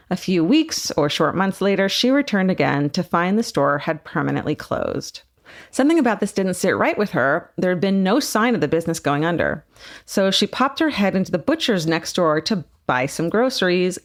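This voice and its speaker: Laughing podcast co-host woman, lowish voice. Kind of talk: casual podcast chat, reading a listener email.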